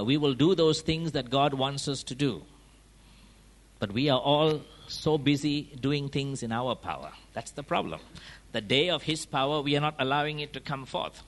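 A man's voice: mid-range voice, normal speed. Emphatic male preacher asking rhetorical questions. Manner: peppers points with rhetorical questions and tag checks like "huh?" and "yeah?"; emphatic, swings between raised and dropped volume. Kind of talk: sermon.

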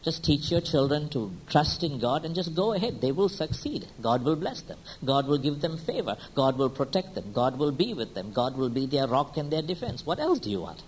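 A man's voice: very animated, breathy edge, poor audio. Preacher firing rhetorical questions at his flock. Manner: keeps asking the congregation rhetorical questions and checking with "hmm?" and "huh?"; swings between quiet, slow lines and loud, high-pitched bursts. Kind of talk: sermon.

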